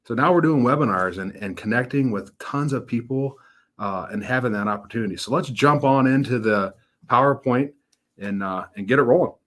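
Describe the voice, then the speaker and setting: Brisk and a bit bright, a man's mid-range voice leads a casual webinar. He's a thirty-something financial advisor with a folksy, upbeat approach, telling stories and acting out the voices in them.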